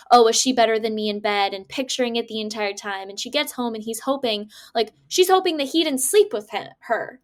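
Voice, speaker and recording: A woman with a fairly high voice chats on a podcast. She retells a story with lively energy, filling it with "like" and quick voiced-out quotes from the people involved. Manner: animated storytelling, acting out quotes, many "like"s. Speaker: podcast co-host. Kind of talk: casual book-club chat.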